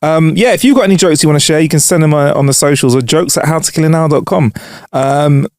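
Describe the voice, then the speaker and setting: A man's voice: on the high side, fast, a little mellow, dry recording, clean studio sound. A man co-hosting a casual comedy podcast, reading jokes and headlines aloud and laughing often. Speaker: podcast co-host.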